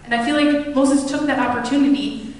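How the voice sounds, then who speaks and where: A woman pastor preaches in a relaxed, storytelling way, slipping into casual voices as she retells scripture. Her voice sits a little high. It rings out through a big, reverberant church hall, picked up from a distance. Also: brisk, a little hiss or hum. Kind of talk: sermon. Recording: echoey hall, mic at a distance.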